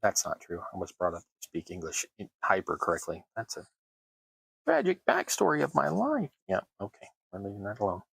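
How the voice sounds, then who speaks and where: A man with a lowish, gravelly and slightly husky voice talks casually as he works on a hobby crafting stream. He keeps up wry, self-deprecating asides, and the sound is dry and close. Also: huge pitch swings, fairly quick, fairly bright tone, no room sound, poor audio. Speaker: terrain crafting livestream host. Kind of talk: casual running commentary while crafting.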